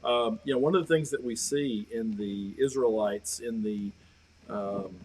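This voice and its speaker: A man leading a church Bible study livestream, guiding the group with questions and gentle teasing. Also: mid-range voice, measured pace, slightly rough, rough recording. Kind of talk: casual livestream discussion.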